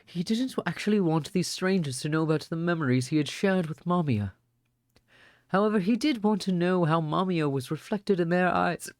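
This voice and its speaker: A man's voice: sits high, lively intonation, normal speed, dry recording. A male streamer reading a visual novel aloud, mixing storytelling narration with casual asides.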